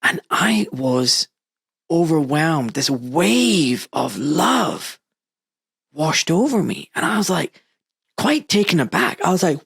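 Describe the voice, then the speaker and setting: A man's voice: on the high side, big pitch swings, slow, vocal fry, fairly bright tone, breathy edge, dry recording, clean studio sound. A man, a father, hosting a casual interview and telling candid, self-mocking stories. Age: adult father. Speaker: podcast host.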